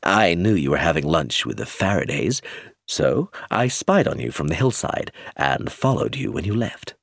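A confident, teasing young man with a low, husky voice, as a narrator plays him. His pitch rolls up and down freely, and the sound is close and dry. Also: very animated, normal speed, no room sound, full character voice. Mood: wry. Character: charming self-assured young man, teasing.

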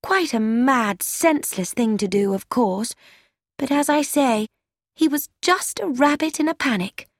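A woman's voice: high-pitched, animated, unhurried, dry recording, studio quality, exaggerated voice. A woman reading as a young woman confiding in a letter. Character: young woman writing an anxious, chatty letter. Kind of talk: scripted narration.

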